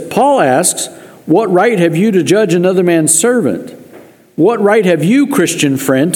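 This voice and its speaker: A pastor preaching a sermon in earnest, with dry joking asides. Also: male voice, medium pitch, warm tone. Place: church sanctuary. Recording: long reverb of a church hall.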